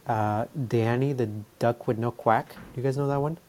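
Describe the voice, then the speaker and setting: Brief: man in his thirties, podcast co-host, upbeat and friendly, mid-pitched. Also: fairly even intonation, moderate pace, darkish tone. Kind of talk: casual chat.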